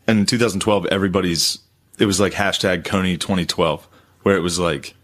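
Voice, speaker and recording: A man's voice: deep voice, fairly even intonation, brisk, fairly bright tone. A young man co-hosting a comedy podcast, rambling through profane stories with lots of fillers. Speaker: podcast co-host. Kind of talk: casual comedy chat.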